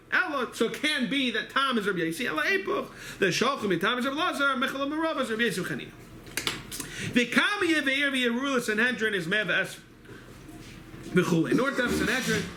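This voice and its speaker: A man teaching a Talmud study class, moving quickly through the text and answering his own questions as he goes. He speaks in a synagogue study hall. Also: extremely high pitch, lively intonation, noisy background. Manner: rapid, quizzing himself with questions. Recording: echoey hall recording.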